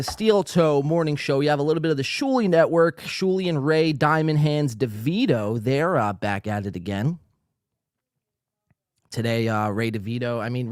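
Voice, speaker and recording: A man's voice: fairly high pitch, no echo, clean studio sound. A man hosting a podcast, ranting casually with lots of swearing, fillers and restarts, and he is a little tipsy. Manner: rambling, profane, with frequent fillers and restarts. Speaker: podcast host.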